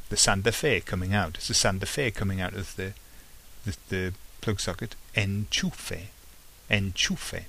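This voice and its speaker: A man's voice: fairly low pitch, fairly bright tone. A man teaching a podcast vocabulary lesson, patiently repeating each word and often checking in with "okay?". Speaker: language teacher.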